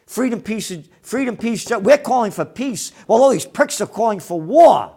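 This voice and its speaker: A man's voice: high voice, lively intonation, moderate pace, warm tone, slightly rough. A man ranting angrily about the news, swearing often and mocking the people he quotes. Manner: angry, profane, sarcastic, mocking quoted people. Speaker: commentator.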